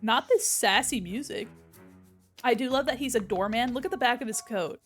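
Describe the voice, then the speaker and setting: A woman's voice: a little high, normal speed, fairly bright tone, soft background music. A young woman streaming a game, giggly, joking and swearing as she comments. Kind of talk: casual let's-play commentary.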